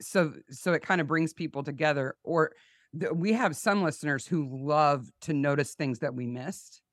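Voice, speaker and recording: A woman's voice: low voice, normal speed, dry recording, studio quality. A woman guest on a podcast, chatting casually and with enthusiasm about a TV show. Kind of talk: casual chat.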